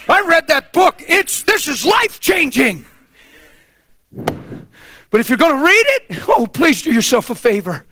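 A man in his fifties preaching a sermon, swinging from shouts to hushed, intimate tones. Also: very high voice, very animated, unhurried, long pauses, no echo, clean studio sound. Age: 50s.

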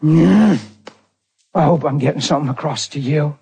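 A man preaching a personal testimony, acting out the dialogue, swinging from near shouts to hushed tones. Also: a little high, normal speed, gravelly, slightly rough. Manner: acts out dialogue in his story. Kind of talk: testimony sermon.

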